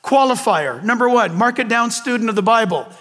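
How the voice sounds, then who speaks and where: High-voiced older preacher in an echoing hall. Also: male voice, expressive, brisk, fairly bright tone. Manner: preachy, questioning the congregation, folksy asides. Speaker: pastor. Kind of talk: sermon.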